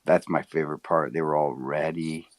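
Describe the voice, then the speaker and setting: A relaxed man mumbling his way through a casual chat. His voice is very deep and dry, with no room around it. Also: moderate pace, no echo. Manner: mumbling, laid-back.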